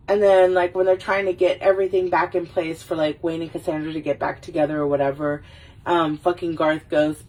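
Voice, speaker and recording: A woman's voice: lowish voice, fairly even intonation, fairly quick, a little mellow. A woman hosting a casual livestream, rambling about movies, laughing and swearing as she goes. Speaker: livestream host. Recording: voice a little far from the mic.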